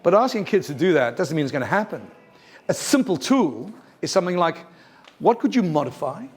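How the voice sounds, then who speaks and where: Male workshop presenter, slightly high voice, emphatic, keeps quizzing the audience. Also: a little fast, husky. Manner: lively, emphatic, asks the audience questions. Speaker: teacher trainer. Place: university lecture room.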